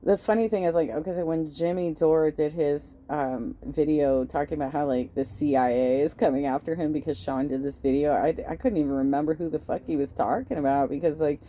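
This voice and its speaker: A woman's voice: deep voice, brisk, few pauses, warm tone, a little hiss or hum. A woman hosting a casual reaction stream, talking in a loose, profane way and laughing often. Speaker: host reacting to videos.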